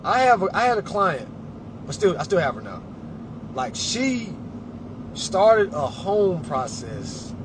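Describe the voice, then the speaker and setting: A man's voice: high voice, sing-song, slow, long pauses, noisy background. A man in a casual talk to camera, advising clients in an emphatic, preachy way, calling listeners y'all and family. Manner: colloquial, addresses audience as y'all and family.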